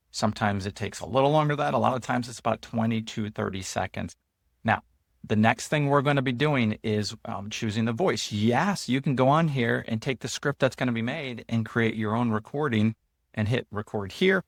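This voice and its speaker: A man hosting his own channel, walking viewers through an app in a relaxed, chatty way, loose with fillers and restarts. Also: on the low side, creaky, no echo, studio quality. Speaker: host and app founder. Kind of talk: casual screen-share walkthrough.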